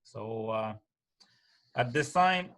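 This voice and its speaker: A man presents in a webinar at an ordinary middle pitch. He halts and restarts often and keeps asking his listeners "okay?" to check they follow. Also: expressive, fairly bright tone. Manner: halting, many restarts and fillers, repeated "okay?".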